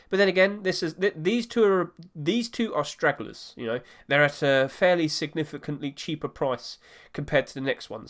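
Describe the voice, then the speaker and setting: Guy rambling about skin prices, kinda high voice, fixes his words as he goes. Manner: rambling, self-correcting, chatty. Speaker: gaming market commentator. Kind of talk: casual solo commentary.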